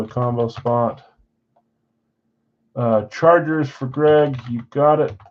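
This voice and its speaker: A man's voice: mid-range voice, creaky, darkish tone, dull audio. Chatty man calling a card break. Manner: chatty, rattling off names and teams. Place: card shop.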